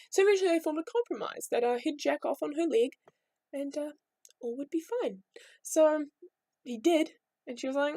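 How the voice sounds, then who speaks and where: A woman's voice: high-pitched, brisk, dark tone, no echo. A young woman telling myths as a casual, rambling vlog story, full of irreverent asides. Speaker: vlogger.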